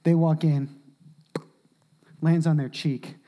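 Male pastor, sermon delivery, very animated, wide swings from shouting to near-whisper. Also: on the high side, takes it slowly.

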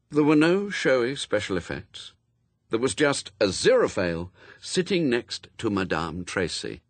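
A man narrating a storybook in a wry, expressive reading, close to the mic. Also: medium pitch, measured pace, no echo. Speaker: audiobook narrator. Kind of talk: scripted narration.

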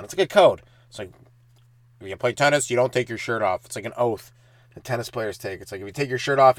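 A man in his thirties hosting a comedy podcast, telling stand-up stories and acting out the people in them with sudden loud, high bursts. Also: no echo. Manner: animated, acts out kids' taunts with sudden loud high bursts. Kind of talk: comic storytelling monologue.

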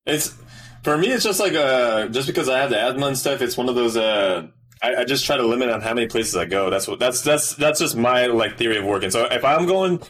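A man's voice: medium pitch, expressive, fairly bright tone, slight background noise. A man co-hosting a casual podcast chat, speaking hesitantly with frequent restarts. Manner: hesitant, halting, restarts often. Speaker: podcast co-host.

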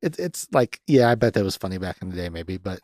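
Talking fast in a low, expressive, slightly mellow voice, a young man reviews a movie for his podcast. The recap is casual and sardonic, heavy on profanity and fillers, and the dry recording has clean studio sound.

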